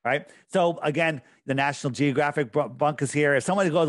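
A man's voice: fairly high pitch, brisk, dry recording, clean studio sound. A man speaking as a podcast guest in casual chat, insistent and emphatic, often repeating himself.

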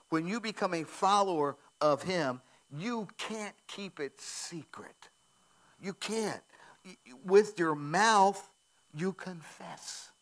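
American guy pastor preaching in church, fairly high voice, says stuff twice, goes real quiet sometimes. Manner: conversational preaching, emphatic repeats, drops to near whisper. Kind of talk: sermon. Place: church sanctuary.

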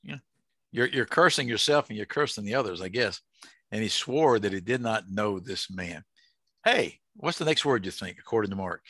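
A man's voice: on the low side, expressive, moderate pace, pushed and bright, no room sound. Folksy man teaching Bible study. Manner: folksy, joking, asks the group questions.

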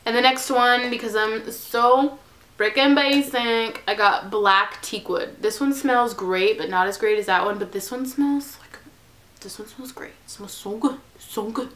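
Woman, haul vlog, gushing and bubbly, bit high voice, dips into whispers, recorded in her bedroom. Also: measured pace, a bit bright. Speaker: haul vlogger.

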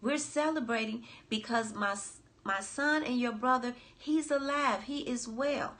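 A loving older father, voiced by a woman telling a Bible story urges his son to join the celebration. He coaxes gently and happily, his voice lifted higher than her normal speech. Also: measured pace. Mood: coaxing. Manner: coaxing, celebratory. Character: loving father, older man, warm and forgiving.

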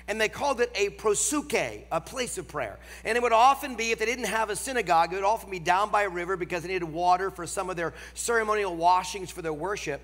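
A man's voice: high voice, bright, forceful tone. Nasal, emphatic Northern preacher man. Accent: American Northern. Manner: emphatic, slows down for key phrases. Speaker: guest preacher. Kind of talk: sermon. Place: large church auditorium. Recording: long hall reverb.

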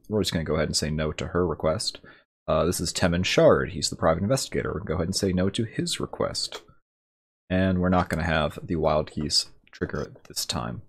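A man hosting a gameplay video, calmly explaining his choices and reading the game's story text aloud. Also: low voice. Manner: calm, explanatory, matter-of-fact. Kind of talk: let's play commentary and reading game text.

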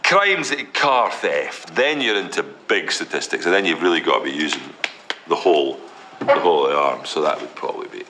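Super deep gravelly crook, bright edge, swoops around, bit of faint outdoor hum. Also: male voice, lively intonation, fairly quick. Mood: boastful.

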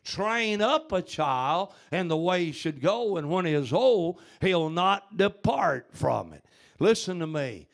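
A man's voice: high voice, big pitch swings, slow, vocal fry. A man preaching a sermon, dropping to near whispers and rising again for emphasis. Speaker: pastor. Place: church sanctuary.

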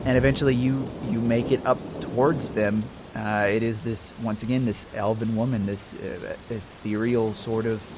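Male game master, mid-pitched, slow descriptive narration, faint rain in the background. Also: darkish tone, slight background noise. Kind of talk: narrating a tabletop role-playing game.

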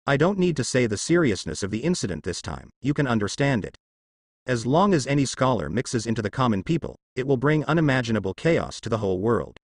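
A man voicing a cold, ruthless male navy vice admiral with a hoarse, icy delivery. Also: medium pitch, sing-song, a little fast, no room sound, clean studio sound.

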